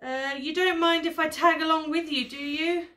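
A woman's voice: high voice, lively intonation, slow pace, a bit bright, pitched above the performer's own voice, heavily acted. A woman voicing a worried male elephant in a storybook who frets and stammers. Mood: anxious. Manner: fretful, stammering. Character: anxious, banana-loving male elephant.

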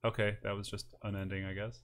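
A man's voice: lowish voice, level tone, fast talker. A man playing a game in casual chat, chatty and reading the game's text aloud. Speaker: gameplay commentator. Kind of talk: casual let's-play chat.

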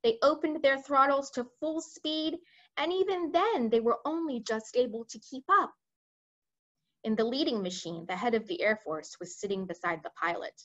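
A woman reading a children's book aloud with expressive storytelling. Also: fairly high pitch, normal speed, dull audio. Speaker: reader.

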